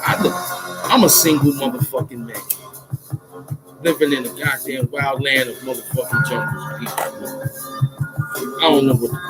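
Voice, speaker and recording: New guy from harlem freestyling over loud music, cocky and cussing, goes from yelling to muttering. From Harlem, New York. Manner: swaggering, profane, swings from loud shouts to low mutters. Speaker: rapper and vlogger. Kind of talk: freestyle rap and street talk to camera.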